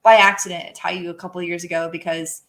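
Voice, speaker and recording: A woman co-hosting a casual livestream talk show, chatty and quick to laugh, often trailing off and correcting herself. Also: fairly low pitch, flat delivery, a bit bright. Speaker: podcast co-host.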